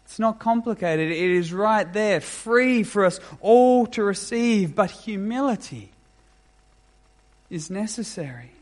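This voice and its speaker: A man delivering a sermon with a fairly high voice and an unhurried pace. He preaches in a measured, emphatic way, pausing deliberately between phrases. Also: expressive. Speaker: pastor.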